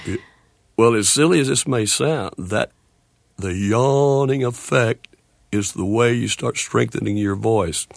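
Gravelly halting man in his sixties. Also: medium pitch, dry recording. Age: 60s. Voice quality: gravelly, with a speech disorder. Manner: halting, with restarts and slow deliberate phrasing. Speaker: guest, country singer. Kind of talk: radio interview.

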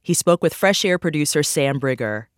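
A man's voice: on the high side, animated, normal speed, smooth, no room sound, studio quality. A man hosting a radio show, reading a scripted announcement. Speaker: radio host.

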